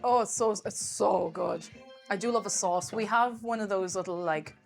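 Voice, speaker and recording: A woman's voice: medium pitch, moderate pace, creaky, soft background music. A young woman with an Irish accent, chatting casually on a live stream, rambling and laughing often.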